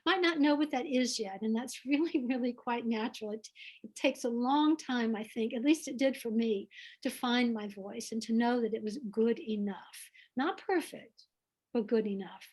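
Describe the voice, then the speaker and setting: A woman with a Southern US accent, speaking earnestly and warmly about her life in an online author conversation. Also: fairly high pitch, slightly rough. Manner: earnest, heartfelt, unhurried. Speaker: author guest. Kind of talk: reflective conversation over video call. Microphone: video call.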